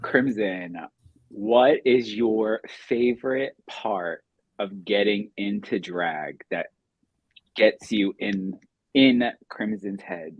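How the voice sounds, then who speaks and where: A man appearing as a drag performer guest, speaking thoughtfully and measured with frequent pauses. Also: on the low side, breathy edge, no echo, lo-fi sound. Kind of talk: casual chat.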